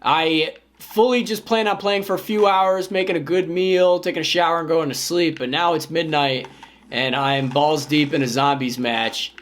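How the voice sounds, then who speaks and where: A man's voice: a little high, steady tone, moderate pace. Rambling self-mocking man vlogging. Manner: self-mocking, rambling, sudden loud outbursts. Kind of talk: casual vlog.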